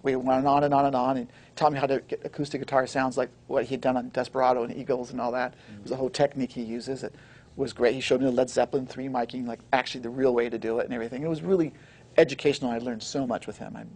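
A man being interviewed, telling a story in an animated way and acting out the dialogue. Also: medium pitch. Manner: fast, excitable, acts out the dialogue. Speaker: guest recording engineer.

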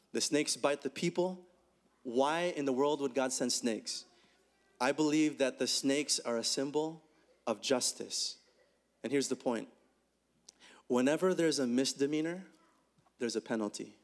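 A man preaching a conversational sermon, asking rhetorical questions and swinging his pitch up and down as he talks. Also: measured pace, pauses often. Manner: animated, rhetorical questions, swings between high and low pitch. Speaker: pastor.

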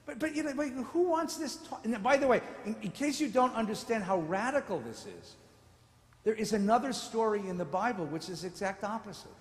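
A man's voice: high-pitched, animated, fairly quick. A man, a rabbi, giving a theatrical lecture in a large synagogue sanctuary, acting out voices and joking with the audience. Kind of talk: lively sermon-style lecture. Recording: echoey hall with long reverb.

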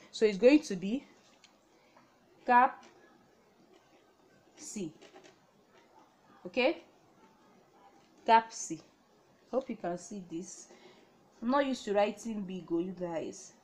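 A woman's voice: mid-range voice, a little mellow. A young woman from Nigeria teaching a reading lesson at a whiteboard, patient, repeating each word and checking in with "okay?". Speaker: language teacher.

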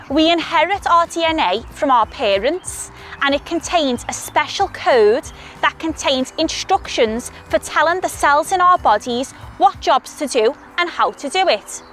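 High-voiced Scouse woman explaining science. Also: a bit bright. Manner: cheerful, clear explaining to young kids. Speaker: scientist presenting a kids' science video. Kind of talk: educational talk to children.

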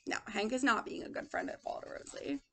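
A woman's voice: on the high side, brisk. A woman teacher giving a lesson and reading a storybook aloud, asking the children questions and calling them friends.

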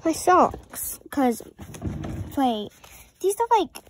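A woman's voice: sits high, big pitch swings, very slow, slight background noise. A preteen girl, rambling through a casual vlog with many apologetic asides. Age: around 11 or 12. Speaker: vlogger.

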